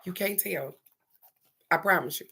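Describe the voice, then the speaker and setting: Slow, bright-voiced woman reading cards live. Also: on the low side, husky. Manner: warm, chatty, laughs often, talks to viewers by name. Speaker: live-stream card reader. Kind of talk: casual live-stream card reading.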